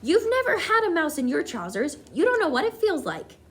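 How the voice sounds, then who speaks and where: A woman voicing a panicking male kitchen cook, yelling in a shrill, frantic voice. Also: wildly swooping pitch, brisk, a little hiss or hum, exaggerated voice. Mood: indignant.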